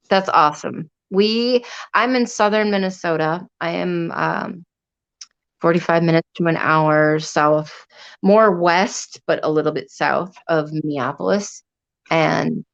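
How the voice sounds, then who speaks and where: A woman hosting a livestream, chatting casually and rambling, with frequent swearing. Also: lowish voice. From Upper Peninsula of Michigan. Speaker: livestream host. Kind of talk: casual chat. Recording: dull lo-fi sound.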